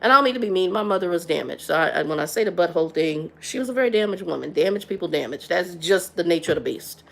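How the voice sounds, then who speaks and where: Middle-aged woman host, gravelly and frank, livestream chat, repeats herself. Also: lowish voice. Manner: frank and blunt, stumbles and repeats words.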